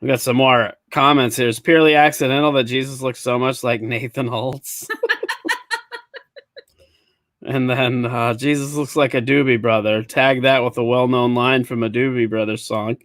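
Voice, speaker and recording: A man's voice: medium pitch, steady tone, moderate pace, fairly bright tone, no room sound. Dry-sounding man hosting a live show. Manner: easygoing, laughs often, reads audience comments aloud. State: clearing his throat. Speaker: podcast host. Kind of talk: casual live-show chat.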